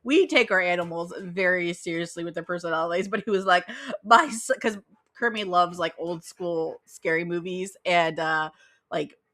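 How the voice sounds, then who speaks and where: Give me a young woman chatting on her podcast, bright and forward, giggly and rambling. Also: lowish voice, normal speed. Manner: rambling, filler-heavy, giggly. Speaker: podcast host. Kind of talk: casual podcast chat.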